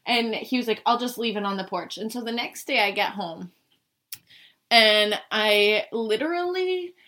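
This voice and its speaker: Slightly high and sharp-toned, with lively intonation, a young woman from the Boston area tells her own story at an unhurried pace. She's casual and chatty, saying "like" nonstop and swearing now and then.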